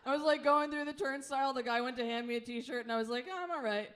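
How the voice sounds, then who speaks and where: A woman's voice: high-pitched, monotone, quick pace, slight background noise. A woman in her late thirties with a Philadelphia accent doing a live stand-up set, chatty and self-deprecating, laughing through her lines. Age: late 30s. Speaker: stand-up comedian. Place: comedy club stage.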